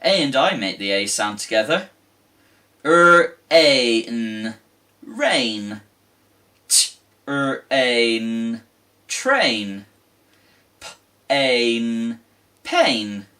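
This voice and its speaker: A man's voice: mid-range voice, drawn-out words, pauses often. A man teaching a children's phonics lesson, sounding out letters with big gasps. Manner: animated, exaggerated gasps and sing-song letter sounds.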